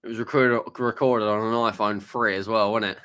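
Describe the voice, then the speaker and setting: A man co-hosting a fan show, chatting in a relaxed, joking way. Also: fairly low pitch, normal speed, smooth. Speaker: co-host. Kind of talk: casual chat.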